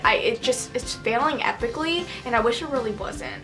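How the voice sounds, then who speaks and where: A young woman talks straight to her viewers in an excited casual vlog. Her voice sits high and sounds bright and forceful. She gushes, giggles often and leans on "like" between thoughts. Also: a little fast, hardly any pauses, soft background music. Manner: gushing, giggly, fills with "like". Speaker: book vlogger.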